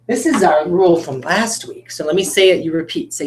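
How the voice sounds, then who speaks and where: Woman teacher doing phonics w little kids, kinda low voice, encouraging, classroom echo. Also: fairly quick, few pauses, darkish tone. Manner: encouraging, demonstrative, addresses children directly.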